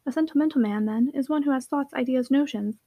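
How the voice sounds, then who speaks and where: A woman voicing a schoolboy who speaks slowly and quietly with still, dry irony. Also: high voice, no echo, muffled recording. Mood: dryly ironic. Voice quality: slow, quiet, ironic. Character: boy, slow quiet dry ironic speaker.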